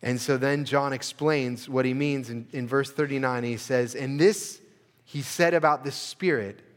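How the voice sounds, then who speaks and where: A man preaching a sermon as pastor, earnest, building to emphatic peaks and dropping to soft, quiet stretches. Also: mid-range voice, fairly even intonation, a little slow, big-room sound. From United States. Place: church sanctuary.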